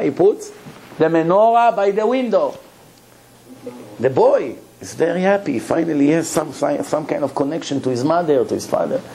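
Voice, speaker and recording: A man, a rabbi, telling a story in a sermon, animated and swinging between low asides and sudden high exclamations. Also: a little hiss or hum, low-quality recording.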